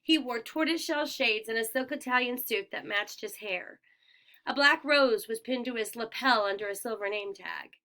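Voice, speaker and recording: A woman narrating a first-person audiobook in a clear, expressive storytelling manner. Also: on the high side, normal speed. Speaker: audiobook reader.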